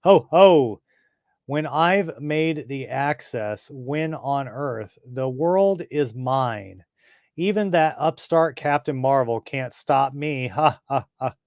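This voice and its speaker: A man voicing a gloating evil male mastermind from space in a comic reading, speaking slowly and scheming. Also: medium pitch, no echo, studio quality.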